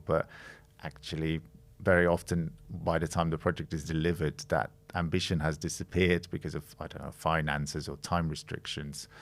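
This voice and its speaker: A middle-aged man from the Netherlands talks through his work as a podcast guest, with a low voice and a gravelly edge. He thinks aloud, pausing and restarting often, in a relaxed conversational way. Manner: thoughtful, with frequent hesitations and restarts. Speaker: guest, creative director of a design studio.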